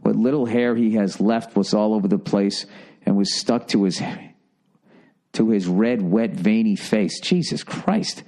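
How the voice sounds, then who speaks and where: A man's voice: lowish voice, steady tone, unhurried, mellow. A man hosting a podcast, reading listener letters aloud and cutting in with blunt, profane, exasperated asides. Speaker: podcast host.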